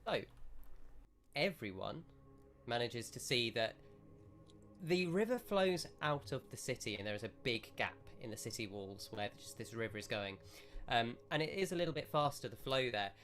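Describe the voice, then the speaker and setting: A man's voice: mid-range voice, animated, normal speed, a bit bright. Male game master, casual rambling narration. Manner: rambling, self-correcting descriptions.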